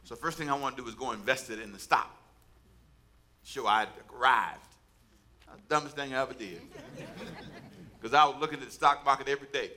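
A man's voice: mid-range voice, brisk, pauses often, pushed and bright. A man preaching a sermon as pastor, talking in a conversational way with asides to the congregation.

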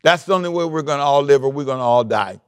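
Jonah, a preacher acting out a stubborn prophet. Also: male voice, mid-range voice, steady tone, fast, vocal fry, no room sound, studio quality, pitched below the performer's own voice, natural voice. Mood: urgent, insistent. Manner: dramatic preacher's retelling, pleading and insistent. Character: the prophet Jonah, grown man, stubborn and self-centered.

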